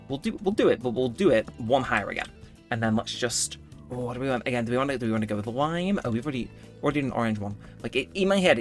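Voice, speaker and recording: Animated, rambling man. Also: mid-range voice. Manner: rambling, self-correcting, animated. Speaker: gaming YouTuber. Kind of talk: casual gameplay commentary. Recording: faint background music.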